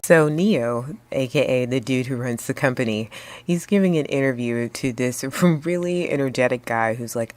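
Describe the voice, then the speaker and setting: A woman hosting her own channel, recapping a film in a relaxed, chatty way with playful slang and jokey asides. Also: extremely low pitch, normal speed, no echo. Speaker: movie review vlogger. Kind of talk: casual spoken movie review.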